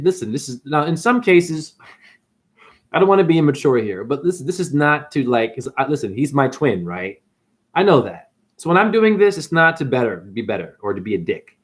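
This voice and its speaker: A man telling a story in a casual, ranting monologue, with big swings in pitch as he goes. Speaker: spiritual vlogger.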